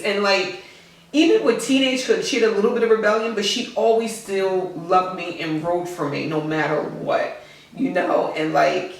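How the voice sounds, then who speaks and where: A woman in her forties, a podcast guest, talking in a heartfelt, earnest and outspoken way as a mother. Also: lowish voice. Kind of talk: casual podcast chat. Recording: echoey room, distant mic.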